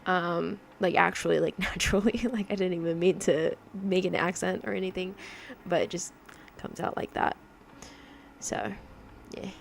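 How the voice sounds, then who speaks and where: Young woman, casual streamer, rambly and giggly, gravelly fry, accent wanders in a mix, faint room hum. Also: fairly low pitch, steady tone, moderate pace, pauses often. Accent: drifting mix of mimicked accents. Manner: chatty, rambling, laughs often, many fillers. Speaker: digital artist livestreaming. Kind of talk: casual livestream chat while drawing.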